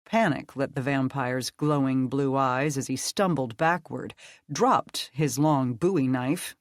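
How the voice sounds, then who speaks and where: An audiobook narrator reading a dark fantasy story in a steady, measured way. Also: mid-range voice, no echo, studio quality.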